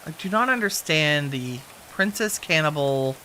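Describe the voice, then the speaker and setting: A woman's voice: low voice, animated, normal speed, pushed and bright, slight background noise. A woman giving casual gameplay commentary, chatty and talking to her game characters as she plays. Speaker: game streamer.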